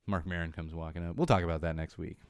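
A man's voice: low voice, fairly even intonation, fast, darkish tone, clear, resonant tone, dry recording. A man hosting a podcast, rambling through a casual monologue that turns into an indignant rant. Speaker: podcast host. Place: Los Angeles.

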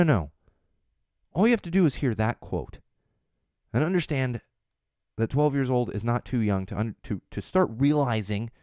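A man's voice: medium pitch, a little mellow, no echo, studio quality. A man in his thirties hosting a casual show, chatty and prone to restarts, growing emphatic when he makes a point. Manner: chatty with many restarts and laughs, grows emphatic. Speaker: podcast host. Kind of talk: casual chat.

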